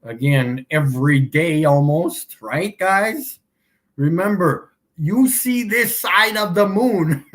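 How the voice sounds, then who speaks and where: A man hosting a casual livestream, mocking his viewers and laughing often as he repeats his points slowly for emphasis. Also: high-pitched, animated. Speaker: livestream host.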